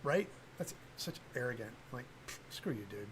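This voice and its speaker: A man's voice: medium pitch, lively intonation, normal speed, background noise. An older man talking casually on a livestream, blunt and rambling, with lots of fillers and restarts. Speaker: livestream host, cosplay prop maker.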